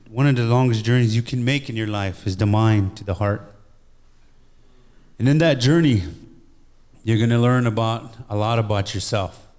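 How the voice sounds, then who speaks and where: A man giving a calm, measured talk as a guest speaker, gently encouraging his listeners on healing. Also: mid-range voice.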